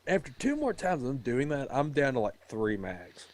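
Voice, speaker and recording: A man's voice: mid-range voice, moderate pace, dry recording. A man casually telling a story among friends, swearing freely and laughing often. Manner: profane, animated, laughs often.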